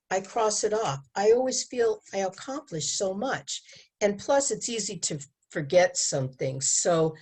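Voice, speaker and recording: A woman educator giving an animated talk to an audience, acting out quoted lines and laughing often. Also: medium pitch. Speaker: abstinence educator. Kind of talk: presentation to an audience.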